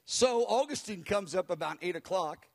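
A man recounting a spiritual experience as an animated personal testimony, acting out the people he quotes and chuckling as he goes. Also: sits high, moderate pace, vocal fry. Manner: acts out the people he quotes, with cries and hushed voices.

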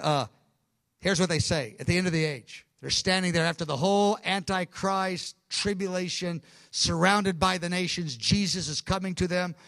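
A man preaching a Bible teaching, fervent and emphatic, with quick asides and self-corrections. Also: high voice, a bit bright, dry recording. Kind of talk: sermon-style Bible teaching.

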